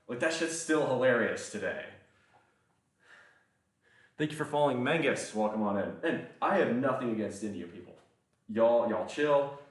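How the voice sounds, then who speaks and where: Guy rambling on his stream, swears a lot, laughs easy, sounds far off in a really echoey room. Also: mid-range voice. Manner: rambling, profane, quick to laugh. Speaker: livestreamer. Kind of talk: casual livestream chat.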